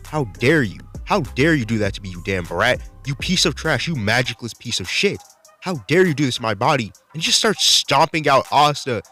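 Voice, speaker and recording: A man with a mid-range, fairly bright voice casually reviews a manga chapter in a video. Laid-back and enthusiastic, he swears freely while recapping the fights.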